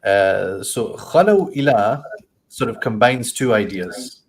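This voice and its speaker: A man with a slightly low voice leads a scripture study class. He talks in a considered way, stopping for fillers and restarts as he works through meanings. Now and then he runs through a verse in a quick recited flow. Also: expressive. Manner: thoughtful, stops to search for words, acts out voices in quoted lines; recites Arabic verses in a quick flowing chant. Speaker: Quran teacher. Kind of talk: scholarly explanation in a study session.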